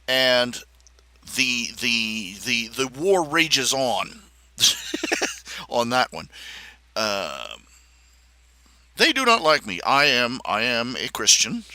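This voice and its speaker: A man hosts a casual livestream while drawing, thinking aloud in a halting, rambling way with many fillers and restarts. He's very animated, opinionated and sardonic, with a very bright voice and lots of pitch movement, captured in a close, dry recording.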